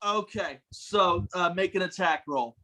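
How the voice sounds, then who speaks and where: A man's voice: high voice, sharp tone, low-quality recording. A man narrating a tabletop game as game master, in a casual, laughing way. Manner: casual, laughing narration with quick voiced asides.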